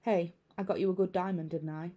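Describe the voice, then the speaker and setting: A woman narrator voicing a calm, caring young husband in a spoken horror story, keeping close to her own lowish, mellow voice and speaking in a reassuring, easygoing way. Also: brisk, dull audio, close to an everyday voice. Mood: gentle.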